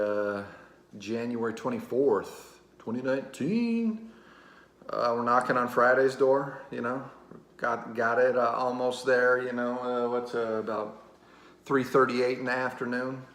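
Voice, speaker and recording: A man hosting his own channel, talking casually to camera in a rambling, halting way, filling pauses with "you know" and "uh". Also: medium pitch, a bit bright. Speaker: channel host. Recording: roomy echo.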